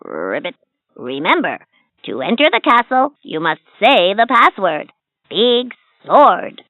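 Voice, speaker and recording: A woman voicing a friendly, sly magical wishing frog in a toy's story, croaking between lines. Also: mid-range voice, wildly swooping pitch, dry recording. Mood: playful. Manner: slow, teasing, storybook delivery. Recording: tinny lo-fi toy speaker.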